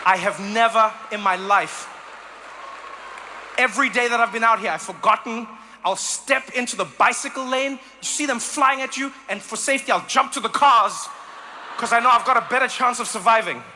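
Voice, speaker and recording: Lively high-voiced male stand-up comic. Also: moderate pace, a faint crowd, slight background noise. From South Africa. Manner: animated, acts out voices and sounds with sudden high bursts. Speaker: stand-up comedian. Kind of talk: stand-up comedy set.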